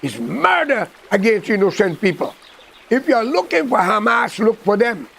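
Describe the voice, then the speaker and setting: A man with a Guyanese accent gives a rambling, impassioned political monologue, blunt and preachy. His voice sits high for a man, with a gravelly creak running through it. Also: very animated, normal speed, a bit bright, rough recording.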